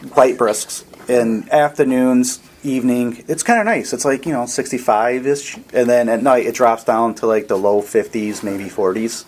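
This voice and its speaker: A man running a tabletop game as dungeon master, describing scenes in a relaxed, rambling way with lots of fillers. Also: mid-range voice, normal speed, few pauses, low-quality recording.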